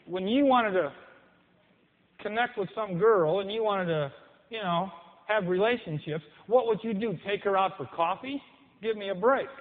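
A man preaching a sermon with passion, acting out the people he quotes. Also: high-pitched. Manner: impassioned, mimics people in quoted voices. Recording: echoey hall, tinny phone-like sound.

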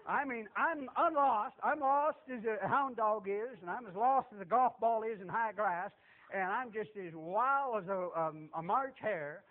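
An older man giving a folksy testimony sermon, animated and repetitive, chuckling as he tells it. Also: high voice, measured pace, phone-quality sound. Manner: animated, repetitive, laughs while telling.

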